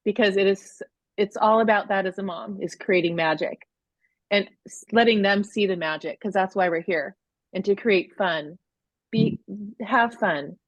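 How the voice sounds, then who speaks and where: Unhurried and mid-range, this woman's voice has no room sound, though the recording is dull and lo-fi. She is in her forties, co-hosting a parenting course over a live video call, speaking emotionally, casually and ramblingly with many restarts.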